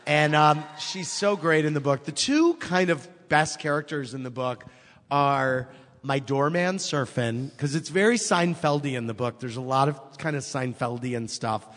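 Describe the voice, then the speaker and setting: Man telling stories, slightly high voice. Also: a little slow, big-room sound. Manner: animated storyteller, acts out quotes. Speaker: author guest. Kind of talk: casual chat.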